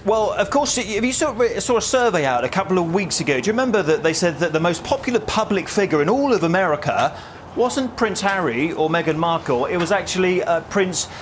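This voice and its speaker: A man's voice: sits high, lively intonation, brisk, a little hiss or hum. A man working as a royal news editor, reporting live on location in a chatty, conversational way with occasional hesitations. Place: on location abroad.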